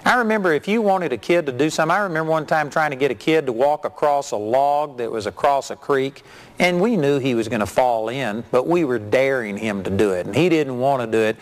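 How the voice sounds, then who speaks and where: A middle-aged man preaching a sermon, telling folksy, animated stories. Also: mid-range voice, a little fast. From Texas.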